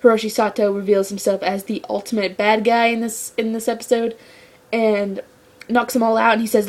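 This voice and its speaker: A woman with a fairly high voice talks through a show episode in a casual review. She rambles in excitable fan chatter, full of "like" and "you know.". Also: moderate pace. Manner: rambling, excitable fan talk with many "like" fillers.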